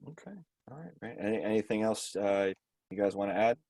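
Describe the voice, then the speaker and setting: Mellow low-voiced male host. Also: expressive, fairly quick, dry recording. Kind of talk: moderating a video call discussion. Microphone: video call.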